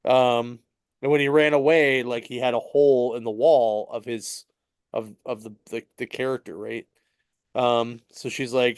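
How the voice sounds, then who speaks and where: A man's voice: mid-range voice, steady tone, measured pace, smooth, dry recording, studio quality. Chatty man rambling through a comic recap. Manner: rambling and chatty, full of fillers, chuckling as he tells the story. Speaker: podcast co-host at a comic shop. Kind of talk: casual chat recapping a comic book.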